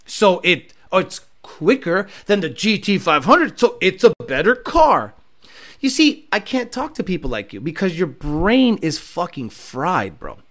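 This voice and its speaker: A man's voice: sing-song, unhurried. A man hosting a car channel, ranting at viewer comments in a mocking, profane way. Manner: mocking, profane, swings between low mutters and loud jabs.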